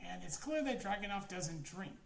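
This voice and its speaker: A woman talks through a film review in loose, excitable bursts, swearing freely and trailing off mid-thought. Her voice bounces around a roomy space with a faint hiss of background noise underneath. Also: medium pitch, moderate pace, vocal fry. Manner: profane, rambling, excitable. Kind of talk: casual spoken movie review.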